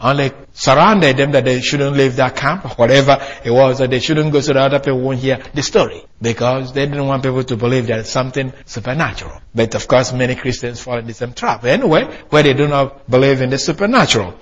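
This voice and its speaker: A man's voice: medium pitch, lo-fi sound. A man preaching a sermon, emphatic, with hesitations and restarts as he reads and comments on quotes. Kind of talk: sermon with read-aloud quotes.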